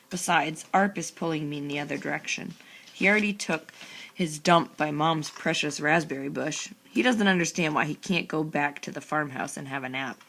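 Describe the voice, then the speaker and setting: Lady reading a kids' book, low voice with some fry, sarcastic and lively. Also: brisk. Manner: sarcastic, expressive. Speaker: audiobook narrator. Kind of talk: first-person audiobook narration.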